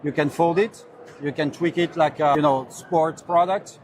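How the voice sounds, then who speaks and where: A man representing a company, earnestly explaining his product in a slightly halting way on a trade show floor. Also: fairly high pitch, a little hiss or hum. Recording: loud crowd chatter behind.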